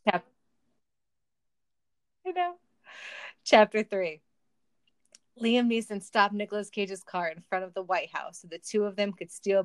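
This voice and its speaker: A woman's voice: mid-range voice, clear, resonant tone, no room sound. A woman reading a silly story aloud for comedy, with wry asides and laughter. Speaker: reader of a fan story.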